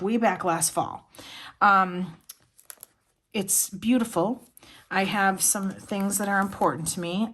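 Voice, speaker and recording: A middle-aged woman chatting casually on her vlog, showing her planners and journals, talking in a heartfelt, rambling way with many fillers. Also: mid-range voice. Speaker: planner vlogger. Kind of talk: casual show-and-tell chat.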